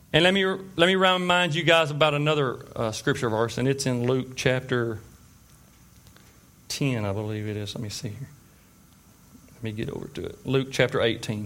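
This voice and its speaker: Male preacher, relaxed storytelling sermon, asks the room questions. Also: mid-range voice, moderate pace. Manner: conversational storytelling with fillers and asides; checks in with the listeners. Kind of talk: informal sermon.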